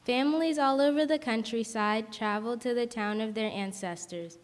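A woman narrating a children's Christmas story in a clear, measured storytelling manner. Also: on the high side. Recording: reverberant hall.

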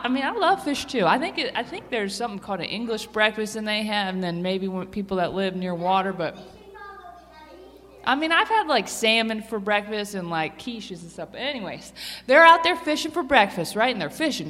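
A woman giving a children's sermon, chatty and animated, asking the kids questions as she tells a story. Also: mid-range voice. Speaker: children's church teacher. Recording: long reverb of a hall.

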